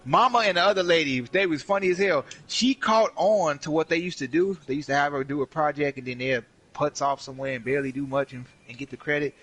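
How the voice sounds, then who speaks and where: A man's voice: on the high side, quick pace, hardly any pauses, rough recording. A young man streaming a game, casually telling a profane, slangy work story and acting out what people said. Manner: animated, profane, slangy, acts out quotes. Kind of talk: casual storytelling while gaming.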